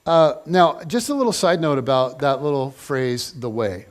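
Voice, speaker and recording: Playful high-voiced preacher. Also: male voice, animated, normal speed, clear, resonant tone. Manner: conversational, playful, frequent "like". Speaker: pastor. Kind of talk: casual sermon with acted-out scenes.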